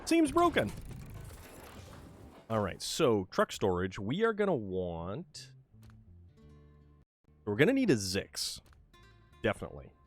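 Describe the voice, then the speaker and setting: A man's voice: lowish voice, huge pitch swings, a little slow, long pauses, no room sound, soft background music. A man streaming a truck game, chatting casually and rambling to himself about his moves. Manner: rambling, self-amused, muttering to himself. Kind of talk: casual gameplay commentary.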